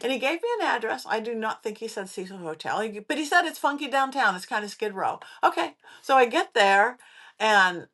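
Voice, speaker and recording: A woman hosting a podcast, a psychic medium telling ghost stories in a casual, animated way and acting out what people said. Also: on the high side, a little fast. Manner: animated, acts out quoted voices. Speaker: podcast host. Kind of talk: casual spooky storytelling.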